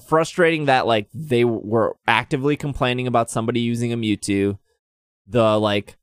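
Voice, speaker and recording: A man's voice: medium pitch, moderate pace, clear, resonant tone, dry recording, studio quality. A man casually telling a story on a podcast, acting out the other people's lines in raised voices. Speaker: podcast co-host.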